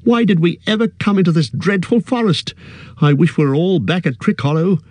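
Storybook hobbit, young and panicky, high and pleading, put on by a male reader. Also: lively intonation, measured pace, darkish tone, no room sound. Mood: distraught.

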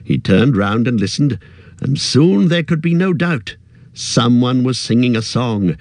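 A man reading a fantasy story aloud in a steady, measured narration. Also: mid-range voice, no echo, studio quality. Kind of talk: audiobook narration.

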